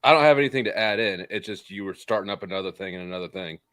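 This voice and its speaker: A man's voice: fairly low pitch, rapid-fire, fairly bright tone, no room sound. A man hosting a livestream panel, blunt and teasing, cutting in on the other guests. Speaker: livestream host. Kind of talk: casual panel chat.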